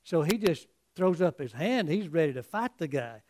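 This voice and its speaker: A man preaching a sermon in an earnest, halting way, often repeating words as he restarts. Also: on the high side, big pitch swings, a little mellow, a little hiss or hum.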